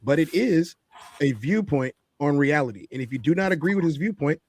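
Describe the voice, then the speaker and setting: A man's voice: fairly high pitch, expressive, a little fast, a little mellow, breathy edge. A man co-hosting a talk show, giving opinionated commentary in an emphatic, preachy way and repeating his points for effect. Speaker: podcast co-host.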